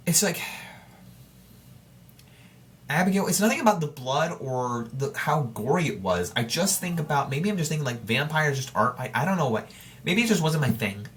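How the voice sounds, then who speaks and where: With a slightly high, sing-song voice and a fairly bright tone, this podcast host speaks at normal speed but pauses a lot. He rambles casually to his listeners, often starting over and correcting himself.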